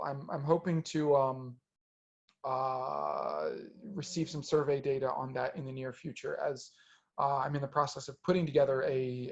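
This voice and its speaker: A man's voice: fairly high pitch, vocal fry. A man answering audience questions in a webinar, hesitant, with many ums and restarts.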